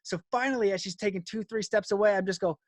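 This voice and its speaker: Animated high-voiced man telling a story. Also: fast, no room sound, studio quality. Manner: animated, laughs often, frequent "like". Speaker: guest. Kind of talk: storytelling in an interview.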